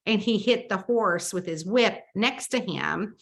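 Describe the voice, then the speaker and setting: A woman from the Southern United States with a Southern American accent, a mystery author telling chatty, animated stories in an interview. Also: medium pitch, a little slow, vocal fry. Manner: chatty, animated storyteller who acts out dialogue. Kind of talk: casual storytelling interview.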